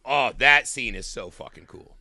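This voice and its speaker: A middle-aged man co-hosting a podcast in casual, animated chat, swearing and laughing as he acts out quotes. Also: mid-range voice, normal speed, gravelly, dry recording, studio quality. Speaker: podcast co-host.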